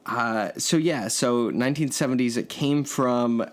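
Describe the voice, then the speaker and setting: A man's voice: medium pitch, measured pace, a little hiss or hum. A man in a casual podcast chat, rambling and good-humored, chuckling between thoughts. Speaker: podcast co-host. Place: indoors in Yonkers, New York.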